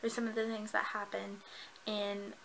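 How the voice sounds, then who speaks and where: A woman reviewing a book in a casual vlog, gushing and excitable, with lots of fillers. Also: mid-range voice, normal speed, gravelly, a little hiss or hum, low-quality recording.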